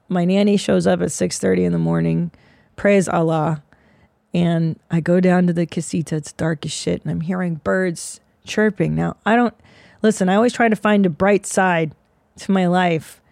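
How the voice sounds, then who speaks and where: Woman host, 40s, gravelly and dry, swears freely in a rambling solo monologue. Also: medium pitch, a little mellow, dry recording. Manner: profane, rambling, self-mocking. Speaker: podcast host.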